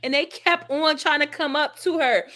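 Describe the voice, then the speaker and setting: A woman tells a story in casual vlog chat. Her voice is bright and forceful and sits a little high. She is animated and full of laughter, and she swings her voice up high and down low as she acts out the people in her story. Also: moderate pace. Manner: animated, laughing, acts out quotes with big pitch jumps. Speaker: vlogger.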